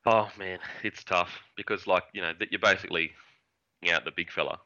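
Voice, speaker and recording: Former footy winger guest, very low voice, bright and punchy tone, dull lo-fi audio. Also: male voice, steady tone, fairly quick. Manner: rambling, repeats words, swears casually. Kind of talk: casual sports podcast chat.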